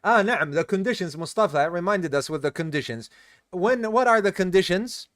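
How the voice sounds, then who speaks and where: Expressive and fairly quick, this man's high, slightly bright voice comes through a dry, clean studio recording. He's a tired teacher of an Islamic study course in a live class, explaining step by step, quizzing students and using Arabic terms.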